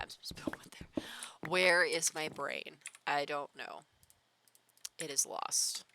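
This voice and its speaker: A woman with a fairly low-pitched but bright, forceful voice chats casually as she plays a game. Her talk runs loose and rambling, full of "like". She laughs easily between thoughts. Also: unhurried, gravelly, long pauses, in a whisper. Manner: chatty, full of filler "like", laughs often. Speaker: gaming streamer. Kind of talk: casual chat while playing a game.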